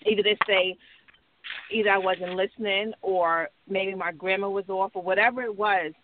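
A woman writer co-hosting a casual talk, speaking reflectively with frequent pauses and fillers. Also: medium pitch, steady tone, a little hiss or hum. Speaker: writer and podcast co-host. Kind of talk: casual conversation. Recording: tinny phone-line sound.

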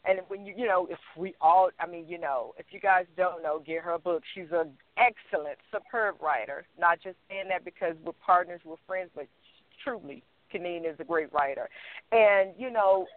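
A woman with a Southern US accent, co-hosting a casual talk and chatting in an animated way with frequent laughter. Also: lowish voice, moderate pace, no echo. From Southern United States. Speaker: podcast co-host. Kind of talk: casual conversation. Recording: tinny phone-line sound.

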